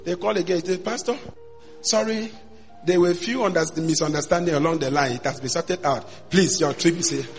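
A man, a pastor telling his story in a sermon, dropping to a hush and then bursting into shouts. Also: fairly high pitch, brisk. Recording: long hall reverb with faint music.

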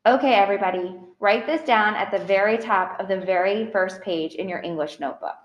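A woman voicing a tall, bearded male English teacher who speaks in a calm, instructive way in a storybook. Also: medium pitch, a little fast, dull audio, close to an everyday voice. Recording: roomy echo.

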